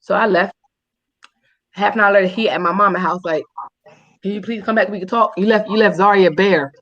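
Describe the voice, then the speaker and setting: A woman co-hosting a talk show, telling a profane story with animated, squealing voices for the people in it. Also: mid-range voice, a little fast. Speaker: radio show co-host. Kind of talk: casual chat, storytelling. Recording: dull lo-fi sound.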